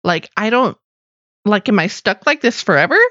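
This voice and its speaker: A woman's voice: mid-range voice, lively intonation, normal speed, fairly bright tone, no echo, muffled recording, lightly acted. A woman playing an earnest, newly changed young vassal. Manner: earnest, thoughtful, hesitant restarts.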